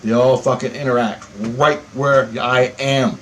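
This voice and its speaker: A man telling a story in a rambling, profane monologue, swearing constantly and getting animated as he tells it. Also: medium pitch, a little slow, slight background noise. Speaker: vlogger.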